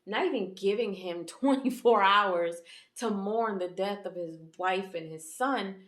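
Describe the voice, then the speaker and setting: A woman's voice: mid-range voice, a little slow, fairly bright tone, echoey room. A woman host giving a casual, chatty episode review, rambling with fillers and restarts. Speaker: YouTube reviewer and channel host.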